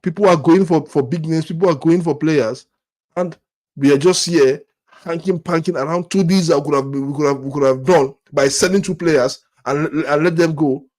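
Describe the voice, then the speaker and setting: A man's voice: fairly high pitch, normal speed, a little mellow. Exasperated man ranting, stammering repeats. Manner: repetitive, stammering restarts, exasperated rhetorical questions. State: angry and disappointed. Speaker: football fan channel host. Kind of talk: frustrated fan rant to camera.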